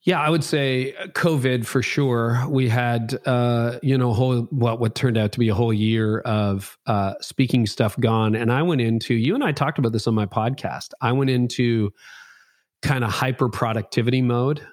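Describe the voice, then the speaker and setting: A man in his fifties talks openly as an interview guest, reflective and a little self-mocking. His voice sits at an ordinary middle pitch. The recording is dry and close, with no room sound. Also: moderate pace, darkish tone, dry recording. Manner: reflective, frank, self-deprecating storytelling. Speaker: pastor and guest. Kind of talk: candid interview conversation.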